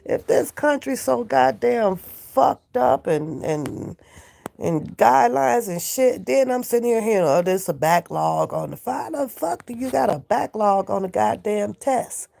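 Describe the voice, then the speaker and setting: Sick woman vlogger in bed, gravelly voice, slow and unhurried, cursing and laughing with her chat. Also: on the high side, mellow. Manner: profane, laughing, bantering with chat. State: sick with a cold. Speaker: vlogger talking to live chat. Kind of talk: casual live-stream chat. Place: in bed at home.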